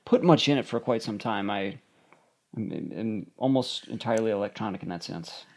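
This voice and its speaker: A man's voice: on the low side, expressive, moderate pace. Hesitant man chatting on a podcast. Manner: hesitant, many restarts and "you know". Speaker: podcast co-host. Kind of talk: casual podcast chat.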